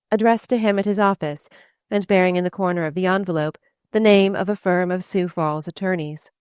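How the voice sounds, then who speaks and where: Smooth-voiced woman reading an audiobook. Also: lowish voice, no echo, studio quality. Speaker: audiobook narrator. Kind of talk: scripted literary narration.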